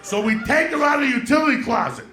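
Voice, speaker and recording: Gravelly, shouting stand-up comedian. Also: male voice, very high-pitched, expressive, quick pace. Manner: loud, profane, often shouting. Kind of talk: stand-up storytelling. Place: comedy club stage. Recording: roomy club recording with crowd laughter. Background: audience laughter and room noise.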